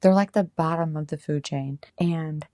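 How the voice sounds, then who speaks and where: A woman's voice: low voice, normal speed, warm tone, no echo, studio quality. A woman podcaster chatting casually and rambling, with lots of filler words. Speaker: podcaster and YouTuber. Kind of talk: casual chat.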